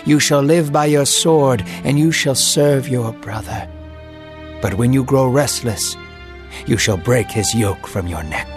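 A man's voice: mid-range voice, a little slow, lightly acted. Man doing a solemn old blind patriarch, declaiming, stern, faint music, storybook reading.

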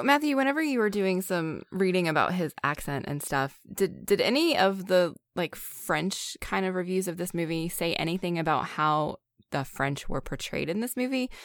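A woman speaks in a measured, explaining way as she brings film trivia to the others. Her voice sits fairly low and the sound is dry and close. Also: no room sound. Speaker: podcast co-host. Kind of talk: casual film discussion.

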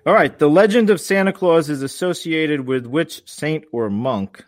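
A man's voice: a little high, normal speed, no room sound, studio quality. A man co-hosting a podcast, reading trivia questions in casual chat and mumbling at the ends of sentences.

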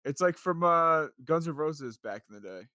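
A man's voice: on the high side, dry recording, studio quality. A man co-hosting a podcast in casual chat, swearing offhandedly. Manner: quick, animated, swears casually. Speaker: podcast co-host.

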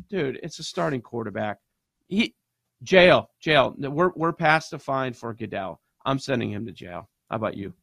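A man's voice: mid-range voice, lively intonation, normal speed, vocal fry, fairly bright tone, no echo, clean studio sound. A man ranting indignantly about sports betting in casual talk-show chat.

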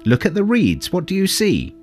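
A man's voice: high voice, huge pitch swings, normal speed, a little mellow, faint music behind, pitched above the performer's own voice. A man voicing a playful little male forest gnome who teases and speaks in riddles. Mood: teasing. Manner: teasing, riddling, chuckling.

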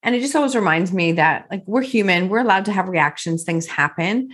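A woman's voice: mid-range voice, animated, a little fast, breathy edge. A woman hosting a casual conversation, affirming her guest often and sharing her own stories. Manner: supportive listener, frequent soft affirmations.

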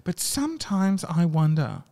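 Man reading stories aloud, slightly high voice, soft whispered asides between passages. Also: sing-song, unhurried. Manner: reactive, drops to hushed asides between readings.

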